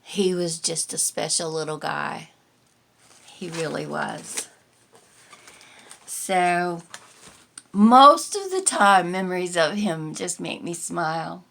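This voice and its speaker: An older woman hosting a reflective personal vlog, talking in a gentle, tender way that rambles with pauses. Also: on the low side, animated, gravelly, slight background noise. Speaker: vlog host.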